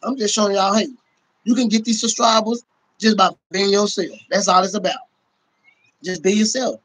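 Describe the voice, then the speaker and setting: A man on a casual livestream, ranting in a loud, profane, boisterous way and laughing often. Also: sits high, steady tone, normal speed, rough recording.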